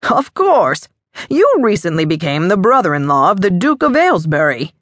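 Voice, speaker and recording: A woman's voice: lowish voice, very animated, a little fast, no room sound, studio quality. A woman voicing a genial, welcoming wealthy middle-aged father in an audiobook. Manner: hearty, welcoming.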